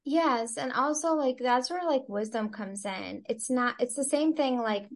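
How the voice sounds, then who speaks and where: A woman's voice: a little high, normal speed, few pauses. A woman who works as a Christian stress coach, talking casually as a podcast guest, full of "like" fillers and thinking aloud. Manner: chatty, many "like" fillers, reflective. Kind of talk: casual interview chat.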